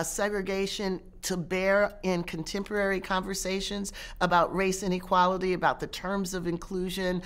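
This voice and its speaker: A middle-aged woman professor and author answering interview questions in a measured way, often pausing and restarting her phrases. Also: lowish voice. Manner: measured, with frequent restarts and pauses.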